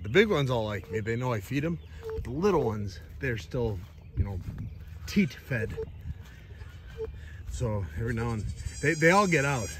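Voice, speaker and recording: Excitable chatty man on his farm. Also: medium pitch, background noise. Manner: chatty and excitable, swings from loud enthusiasm to quiet mutters. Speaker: vlogger showing his farm and food truck. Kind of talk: casual walk-around vlog. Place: outdoors on a farm with animals.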